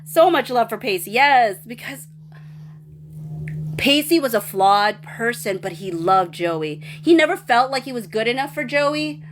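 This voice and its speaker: Gushing, excitable woman host. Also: on the high side, a little slow, slight background noise. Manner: excited, rambling and gushing, many restarts. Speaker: livestream host reading viewer comments. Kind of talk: casual chat.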